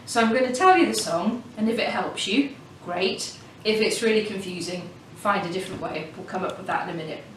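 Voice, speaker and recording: Recorded at home in lockdown, this woman's medium-pitched voice moves a little fast with hardly any pauses as she teaches kids about reading. She stays patient and encouraging and sings a silly song, while the echoey room, distant mic, and faint hiss color the sound.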